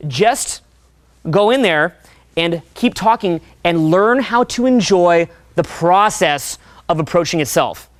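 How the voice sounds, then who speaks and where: A young man coaching a seminar audience in a profane, animated way, often acting out voices. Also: sits high, slow, no room sound. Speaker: dating coach. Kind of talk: seminar talk.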